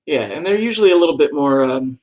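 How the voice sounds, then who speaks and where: A man with a somewhat high voice chats casually on a live stream. He rambles playfully from one topic to the next and hums to himself. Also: expressive, fast, a little mellow. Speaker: podcast co-host.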